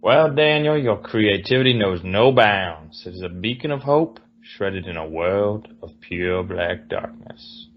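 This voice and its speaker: Florid old-style Southern gentleman, a man doing the voice, genteel drawl, slow grand delivery, low-pitched, dull recording. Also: lively intonation, slight background noise. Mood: grandiloquent. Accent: put-on Southern genteel. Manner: grandiloquent theatrical reading, drawn-out.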